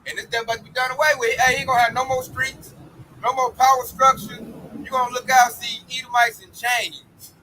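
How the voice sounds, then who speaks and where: A man's voice: very high voice, little pitch movement, fairly quick, sharp tone, slight background noise, poor audio. A man preaching in an emphatic, slangy street style about coming judgment.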